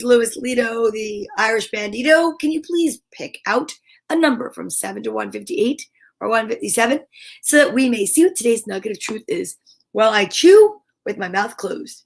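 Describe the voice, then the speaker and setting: A middle-aged woman hosting a live show for children, bubbly and playful, reading names from the chat and chatting warmly. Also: fairly high pitch, expressive, moderate pace, gravelly, soft background music. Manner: bubbly, playful, sing-song. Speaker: children's livestream host.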